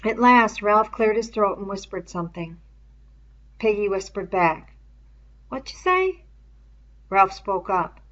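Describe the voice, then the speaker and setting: A woman reading a novel aloud in slow, measured storytelling. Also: mid-range voice, steady tone, a bit bright, muffled recording. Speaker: reader.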